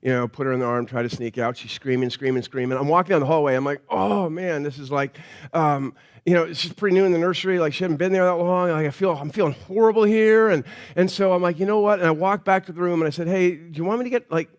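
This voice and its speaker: A man's voice: on the high side, fast. A male pastor preaching a sermon in a church. He talks in a conversational, story-telling way and often restarts his sentences.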